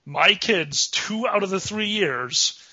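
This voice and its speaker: Guy cohosting a raunchy podcast, lively up-and-down voice, sorta high, dry dull recording. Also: husky, no echo. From Chicago area. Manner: quick joking, animated, breaks into laughter. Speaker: podcast co-host. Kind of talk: casual crude comedy banter. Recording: dry, slightly dull lo-fi sound.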